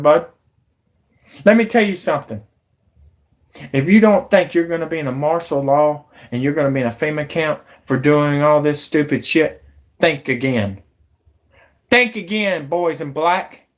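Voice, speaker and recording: A woman, ranting angrily and swearing as a YouTube commentator. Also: on the low side. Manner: angry, profane, shouting in bursts. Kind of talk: angry political rant.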